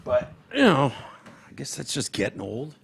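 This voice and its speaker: A man's voice: moderate pace, vocal fry, a little hiss or hum. A tired man co-hosting a podcast in loose, profane casual chat. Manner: loose, profane, talks sports with animated swings in pitch. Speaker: podcast co-host.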